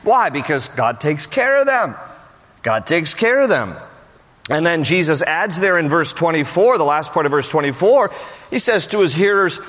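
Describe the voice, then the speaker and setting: A man delivers a sermon with an animated, joking manner, his voice sitting a little high. He lifts his pitch sharply to stress points. The sound carries a long reverb from a large hall. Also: normal speed. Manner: animated, jokey, raises pitch for emphasis. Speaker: pastor.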